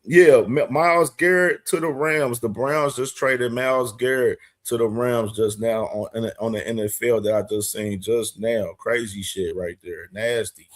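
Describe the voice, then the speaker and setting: A man's voice: mid-range voice, unhurried, hardly any pauses. A young man hosting a casual boxing commentary stream, talking in loose slang, repeating himself and breaking into hard laughter. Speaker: boxing show host.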